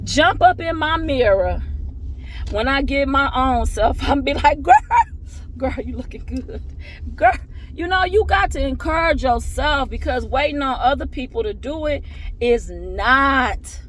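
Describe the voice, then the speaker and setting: A high-voiced woman, talking straight to her viewers in a lively, preacherly way. She urges them on with strong, animated emphasis, like a pep talk about faith. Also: measured pace. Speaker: faith vlogger. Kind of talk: casual inspirational talk to viewers.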